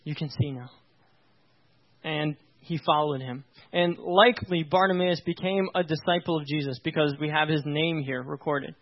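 A man's voice: a little high, steady tone, moderate pace, hardly any pauses. A man preaching a conversational sermon, informal and emphatic, often checking in with his listeners. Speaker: pastor. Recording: dull lo-fi recording.

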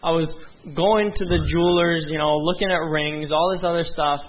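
A man's voice: fairly high pitch, steady tone, normal speed. A young man preaching a sermon as a pastor, earnest and conversational, with frequent asides to the congregation. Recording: dull lo-fi sound.

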